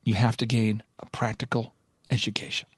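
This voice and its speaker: A man putting on an intense, theatrical consultant who stretches every word into a slow, hushed pronouncement. The voice sits lower than a plain talking voice, and the recording is dry and close. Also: little pitch movement, husky, no echo.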